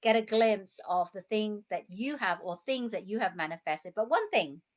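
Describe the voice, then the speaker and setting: A woman, a health coach, hosting a casual interview in an upbeat way and wrapping up with a pitch for her guest. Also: expressive, normal speed. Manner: upbeat, promotional wrap-up. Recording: slightly dull, lo-fi sound.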